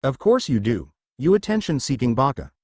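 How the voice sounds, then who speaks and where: Man doing a pouty complaining girlfriend, lively. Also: medium pitch, moderate pace, slightly rough, no room sound. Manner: pouting, complaining.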